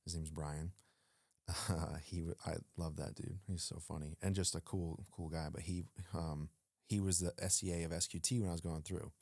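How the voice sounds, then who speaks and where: In a clean, dry studio recording, a former Navy SEAL guest speaks at a moderate pace in a deep, gravelly voice. He recounts a story casually for an interview, animated throughout, acting out quoted dialogue with frequent fillers.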